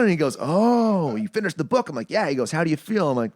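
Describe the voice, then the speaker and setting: A man hosting a casual podcast, telling stories with lively, acted-out quotes. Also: on the high side, quick pace, few pauses, no room sound, studio quality. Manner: animated storyteller, acts out quoted voices. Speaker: podcast host.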